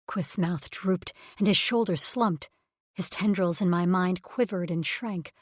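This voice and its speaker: A woman's voice: fairly low pitch, a little slow, no room sound, clean studio sound. A woman reading a first-person romance audiobook in an intimate, emotive way. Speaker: audiobook narrator.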